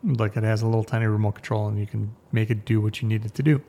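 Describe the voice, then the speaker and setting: A man's voice: on the low side, fairly even intonation, quick pace, creaky, mellow. A middle-aged man hosting a podcast in a casual, rambling way, swearing now and then and laughing at himself. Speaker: podcast host. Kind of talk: casual chat.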